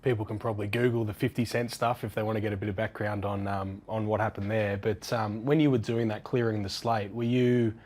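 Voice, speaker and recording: A man with an Australian accent hosts a sports interview in a low, even voice. He asks his questions in a measured, gentle way, keeping his pitch flat and steady. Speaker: sports TV host.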